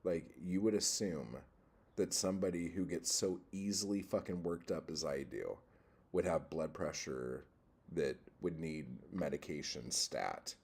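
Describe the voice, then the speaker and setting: A man with a very low, husky voice chats on a casual livestream, reading comments aloud. He rambles and swears freely, getting worked up with little push. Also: animated, a little slow, a little mellow. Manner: profane, easily worked up, rambling. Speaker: livestream host reading chat.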